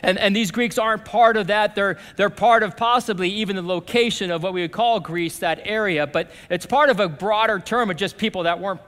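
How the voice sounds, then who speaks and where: High-voiced pastor preaching in a reverberant hall. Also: male voice, a little fast, hardly any pauses. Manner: conversational preaching, swings from lively to hushed. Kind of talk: sermon. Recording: long reverb of a church hall.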